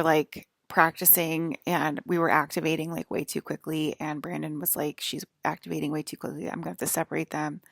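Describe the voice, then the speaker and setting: Low gravelly woman rambling casually. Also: no room sound, clean studio sound. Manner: rambling, filler-heavy, apologetic. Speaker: vlogger.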